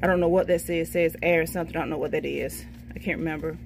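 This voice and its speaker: A middle-aged woman with a low, fairly even voice talks fast, with vocal fry and slight background noise. She's a vlogger showing off a shopping haul, chatting casually in a folksy way, reading each price off a receipt and telling herself "okay, baby."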